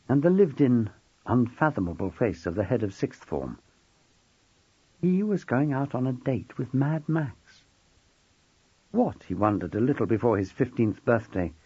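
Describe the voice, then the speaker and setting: A man reading a novel aloud as an expressive, wry audiobook narrator. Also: medium pitch, slightly rough, no echo, dull audio.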